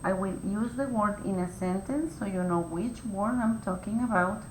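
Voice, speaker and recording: A woman teacher giving a phonics lesson to young children, explaining each step slowly and clearly with patient instructions. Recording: echoey room with faint rumble.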